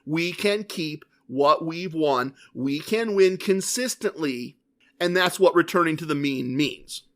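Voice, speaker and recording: A man's voice: on the high side, a little slow, a bit bright. A man hosting a podcast, telling a rambling, self-questioning story in a casual solo monologue. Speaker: podcast host.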